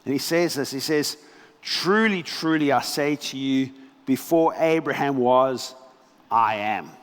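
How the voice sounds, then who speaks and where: A man preaching a sermon as pastor, telling scripture stories with animated, dramatic delivery and pauses. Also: mid-range voice, smooth, big-room sound. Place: church hall.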